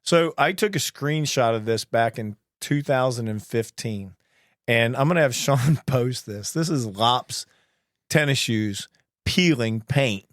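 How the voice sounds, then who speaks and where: A man's voice: medium pitch, measured pace, dry recording, clean studio sound. A man co-hosting a podcast, telling bawdy work stories with lots of laughter. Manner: animated anecdotes, frequent laughter, bawdy humor. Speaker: podcast co-host, flight attendant. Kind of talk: casual storytelling chat.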